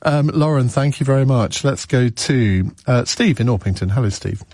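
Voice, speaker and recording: A man's voice: mid-range voice, normal speed, no echo. Guy hosting a radio call-in show, chatty and easygoing, dry close sound. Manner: relaxed, conversational, reads listener messages. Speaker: radio phone-in host. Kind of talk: radio phone-in chat.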